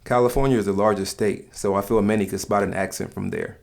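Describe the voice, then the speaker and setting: A man from the States, giving calm, measured scripted narration for a countdown video. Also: lowish voice, gravelly. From Southern United States.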